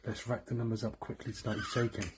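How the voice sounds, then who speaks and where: A man co-hosting a ghost hunt livestream, talking quietly and greeting viewers one after another inside an old cottage. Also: fairly low pitch, level tone, quick pace, background noise. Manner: hushed, rattling off greetings to viewers. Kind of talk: casual livestream chat. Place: old abandoned cottage, indoors.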